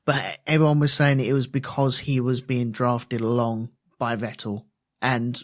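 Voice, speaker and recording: A man co-hosting a podcast, telling stories in an animated way. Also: medium pitch, a little slow. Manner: animated storytelling with put-on voices. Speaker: podcast co-host. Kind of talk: casual chat.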